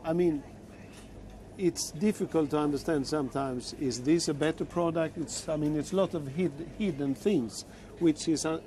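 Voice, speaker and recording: A man interviewing a colleague, often pausing to rephrase with "I mean". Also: fairly high pitch, warm tone, slight background noise. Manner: searching phrasing, frequent "I mean". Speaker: interviewer, retail executive. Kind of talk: conversational interview.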